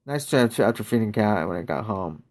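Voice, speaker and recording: A man's voice: on the low side, expressive, brisk, a little mellow. A man streaming a mobile basketball game, chatting casually and greeting viewers from chat.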